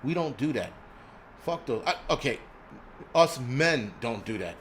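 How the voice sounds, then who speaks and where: Unhurried yet animated, this man's mid-range voice is a bit bright, with a little hiss or hum. He's a New York City prepping live streamer whose rant is angry, profane and blunt, broken up by many restarts and stammers.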